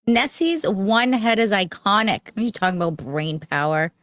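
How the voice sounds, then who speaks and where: A woman co-hosting a podcast in casual banter, teasing with quick comebacks. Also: mid-range voice, animated, a bit bright, no room sound. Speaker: podcast co-host.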